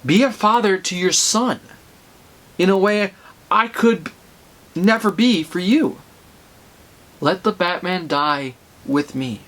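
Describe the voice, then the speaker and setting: A man reading a grave older father's solemn, heartfelt farewell from a comic, slow and low. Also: fairly bright tone. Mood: solemn, tender.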